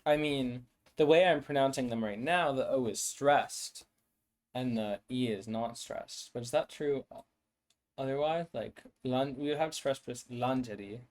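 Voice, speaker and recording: A man's voice: mid-range voice, unhurried, a little mellow. A man streaming his language-building work, thinking aloud hesitantly with many fillers and restarts, sounding words out to himself. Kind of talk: thinking aloud while working.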